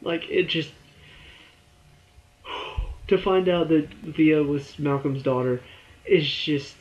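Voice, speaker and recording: A young man giving a rambling, excitable spoken review of a TV show, full of fillers. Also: on the high side, takes it slowly, muffled recording.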